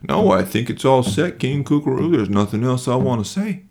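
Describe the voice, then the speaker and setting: A man's voice: medium pitch, expressive, normal speed, darkish tone, pitched above the performer's own voice. A man voicing Dish, an earnest, organized bear, in a slightly raised voice.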